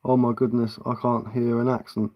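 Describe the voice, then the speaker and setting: A man's voice: mid-range voice, level tone, moderate pace, lo-fi sound. A man chatting casually on a live stream as a woodcarver, easygoing and answering viewer comments.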